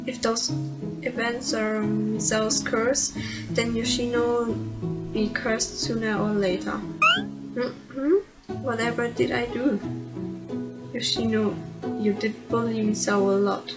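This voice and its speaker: A German-accented woman plays through a game and reads its text aloud at an unhurried pace. Her voice sits a little high, and she stumbles now and then over the lines. Game music runs clearly underneath her. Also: fairly even intonation, low-quality recording. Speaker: let's player. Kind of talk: reading game dialogue aloud, switching between English and German remarks. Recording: game music playing behind.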